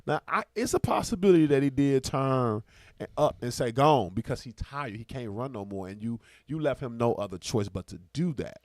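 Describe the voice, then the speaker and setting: A man hosting a casual podcast, talking fast and emphatically as he argues his points and plugs the show. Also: mid-range voice, expressive, dry recording. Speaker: podcast host. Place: small indoor studio.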